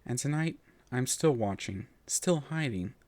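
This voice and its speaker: A man narrating a first-person story in an expressive, melodic reading voice. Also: medium pitch, unhurried, dry recording.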